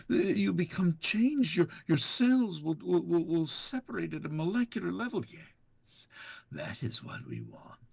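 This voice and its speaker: A man voicing an unhinged irradiated male scientist who swings between calm reason and chaos, with a gravelly voice. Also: no echo, heavily acted. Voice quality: gravelly, wild pitch swings.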